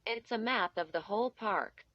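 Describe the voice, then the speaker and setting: A woman voicing a steady, practical boy in a spooky storybook reading, speaking matter-of-factly. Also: mid-range voice, normal speed, no room sound, muffled recording, natural voice.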